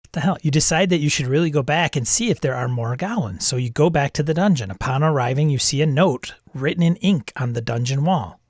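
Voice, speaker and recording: A man's voice: on the high side, lively intonation, fairly quick, dry recording, studio quality. Wry man reading a text adventure aloud. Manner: wry and self-amused, chuckling at the game. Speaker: host.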